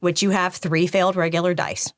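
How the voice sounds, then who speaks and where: A woman running a tabletop game as game master, narrating the action in a lively way and laughing often. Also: on the low side, a little fast, dry recording, clean studio sound.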